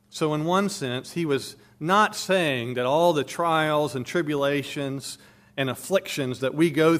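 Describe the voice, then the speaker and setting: A man's voice: on the high side, a bit bright. A man preaching a sermon, expounding a passage with emphatic stress, his volume rising and falling.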